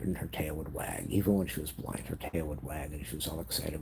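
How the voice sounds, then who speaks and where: A man with an extremely deep, gravelly voice tells a personal story, grieving and close to tears. His delivery is halting and emotional, sometimes sinking to a whisper. Faint noise sits under the recording. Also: dark tone.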